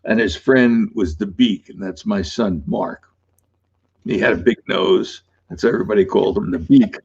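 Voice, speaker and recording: A gravelly, husky older man spins loose, rambling anecdotes as an interview guest, chuckling between stories. His voice comes through a dull, lo-fi recording. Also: fairly low pitch, normal speed, darkish tone. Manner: rambling anecdotal, laughs often. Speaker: author guest. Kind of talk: casual interview storytelling.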